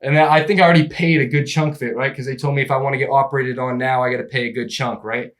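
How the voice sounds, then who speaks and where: A young man telling a long story in casual chat, animated and laughing, acting out the people in it. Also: mid-range voice, rapid-fire. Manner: animated, acts out voices in his story, laughs often. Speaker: podcast guest telling a story.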